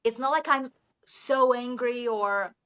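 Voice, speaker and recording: A woman's voice: on the high side, slow pace, fairly bright tone, clear, resonant tone. A Brazilian woman speaking English with a Brazilian Portuguese accent, an English teacher chatting casually as an interview guest, laughing often and leaning on "you know". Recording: muffled lo-fi audio.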